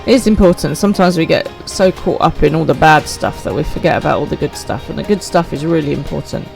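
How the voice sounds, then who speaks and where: A woman's voice: low-pitched, fast, creaky, over music. A woman, chatting upbeat with viewers while streaming a game live.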